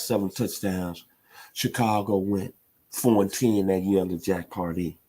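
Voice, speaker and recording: Guy on sports radio, husky lowish voice, gets fired up and loud on his points. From Memphis, Tennessee. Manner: impassioned, emphatic, builds to loud peaks. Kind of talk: sports talk radio monologue.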